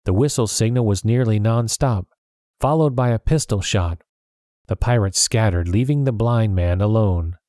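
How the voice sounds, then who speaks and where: Man with a low, mellow reading voice. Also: moderate pace, dry recording, clean studio sound. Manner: steady, plain first-person reading. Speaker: audiobook narrator. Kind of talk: storybook narration.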